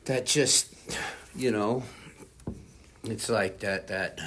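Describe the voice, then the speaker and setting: A man's voice: lowish voice, drawn-out words, pauses often, a bit bright, slight background noise. A man in his forties speaking at a recovery fellowship meeting. He tells his story candidly and casually, rambling with lots of "you know" and "like". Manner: candid and self-deprecating about his past. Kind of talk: personal recovery testimony.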